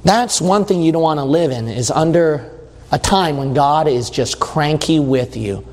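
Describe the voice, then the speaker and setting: A man's voice: on the high side, measured pace, a little mellow. A man preaching a sermon in a conversational way, reading scripture and acting out quotes. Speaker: pastor. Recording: long hall reverb.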